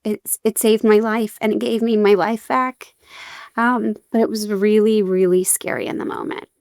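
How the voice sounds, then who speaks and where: A woman's voice: mid-range voice, steady tone, normal speed, darkish tone, clean tone, dry recording, studio quality. A young adult woman, a podcast guest, telling her story candidly with wry humor and many fillers.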